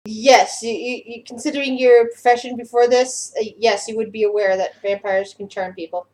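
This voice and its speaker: Halting young woman game master. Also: on the high side, fairly even intonation, a little mellow. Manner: halting, repeats words. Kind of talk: narrating a tabletop game.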